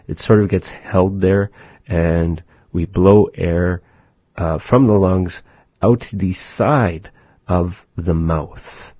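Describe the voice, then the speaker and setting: A man teaching his people's language, going slowly and patiently, with many pauses, and repeating words for practice. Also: low-pitched, fairly even intonation, mellow, no room sound. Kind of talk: pronunciation lesson.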